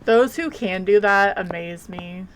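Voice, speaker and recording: A woman's voice: mid-range voice, unhurried, slight background noise. A woman streamer chatting casually while playing a game, rambling and blunt, with offhand swearing. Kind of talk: casual live game commentary.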